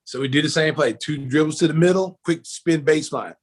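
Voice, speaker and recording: A man in his fifties tells a story from his playing days as an interview guest. His voice sits a little high and comes out husky. He brings the tale to life by acting out what each person said. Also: brisk. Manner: lively storyteller who acts out quoted voices. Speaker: former pro basketball player and announcer, guest. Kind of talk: casual storytelling anecdote.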